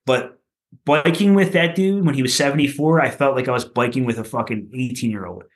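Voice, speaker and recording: Profane, rambling man from Philadelphia. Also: brisk. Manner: loose and profane, with many "like"s and "you know"s; animated, goes higher when telling funny bits. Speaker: punk rock musician guest. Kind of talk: casual podcast storytelling.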